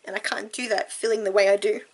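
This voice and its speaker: A tearful woman talking frankly and earnestly to camera in a personal vlog, halting and sighing. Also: mid-range voice, steady tone. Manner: earnest and heartfelt, halting with sighs. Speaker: vlogger.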